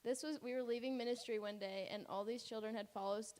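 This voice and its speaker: A woman talks through trip photos in a loose, laughing, chatty way. Her voice sits on the high side, and the long reverb of a church sanctuary trails behind each phrase. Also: steady tone, fast talker, a little mellow. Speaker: mission trip presenter. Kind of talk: casual slideshow presentation.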